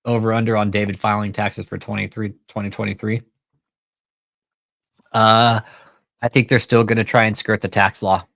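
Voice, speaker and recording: A man's voice: on the low side, level tone, normal speed, gravelly, pauses often, fairly bright tone, dry recording, clean studio sound. A man hosting a casual commentary show, swearing freely and retelling a phone call by acting out both sides of the dialogue. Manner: profane, retells phone calls with quoted dialogue. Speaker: commentary channel host.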